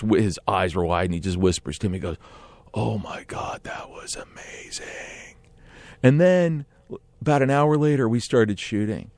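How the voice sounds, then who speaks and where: A man telling a long anecdote as a podcast guest, animated and acting out other people's lines with hushed and loud voices. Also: fairly low pitch, no room sound. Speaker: guest storyteller.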